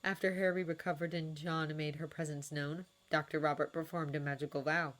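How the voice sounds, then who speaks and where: Low-voiced woman reading fanfiction. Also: flat delivery, fairly quick. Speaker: narrator.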